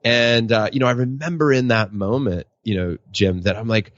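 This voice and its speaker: Speaking at normal speed with hardly any pauses, a medium-pitched man tells personal stories as a podcast guest and professional speaker. His animated storytelling includes quotes acted out in a raised voice. The sound is dry and lo-fi.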